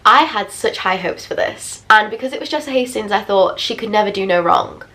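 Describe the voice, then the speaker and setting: A woman's voice: medium pitch, brisk. A young woman in her twenties, chatting casually and expressively as she reviews books for her vlog. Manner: chatty, expressive, self-deprecating asides. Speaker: book vlogger. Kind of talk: casual book review chat.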